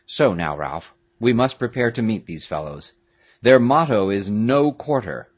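Calm grave young leader read by a man, storybook, measured, slightly husky. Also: fairly low pitch, exaggerated voice.

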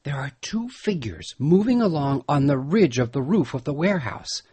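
A man's voice: fairly high pitch, big pitch swings, moderate pace, dark tone, husky, voice pushed up. A man doing an eager young watchman, lifted voice. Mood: urgent. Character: earnest, alert young man keeping watch.

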